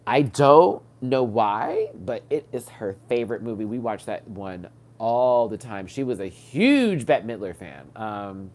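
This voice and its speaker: A man's voice: fairly low pitch, very animated, unhurried, hardly any pauses, a little mellow. A man hosting a live stream, stuffed up from crying, telling rambling personal stories with lots of fillers and restarts. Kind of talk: casual personal storytelling. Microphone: webcam or phone mic on a live stream.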